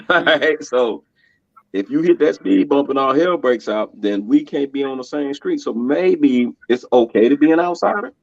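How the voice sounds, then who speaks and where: A man in casual podcast conversation, telling stories animatedly, laughing often and slipping into voices for quotes. His middle-pitched voice comes through a dull, muffled lo-fi recording with a dry, close sound. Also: normal speed, gravelly, no echo. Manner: animated, laughing storyteller who acts out quotes. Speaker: podcast guest.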